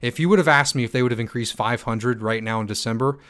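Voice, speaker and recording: A young man hosting a livestream Q&A, reading chat comments aloud and answering in a hyped, fast manner with many ums and restarts. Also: medium pitch, fairly bright tone. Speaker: stake pool operator and channel host.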